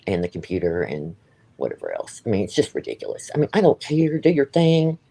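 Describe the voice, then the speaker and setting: A man's voice: on the low side, wildly swooping pitch, fairly quick, vocal fry, warm tone. A man hosting a livestream, talking in a heated, blunt way, swearing and repeating himself. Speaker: livestream host. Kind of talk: ranting live-stream chat.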